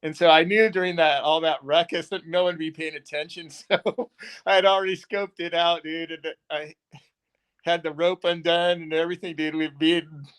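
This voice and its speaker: A man's voice: a little high, steady tone, normal speed, fairly bright tone, clear, resonant tone. A man as a podcast guest, telling stories in a rambling way with lots of chuckles and filler words. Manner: rambling, chuckling, says "like" and "dude". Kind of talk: casual interview storytelling.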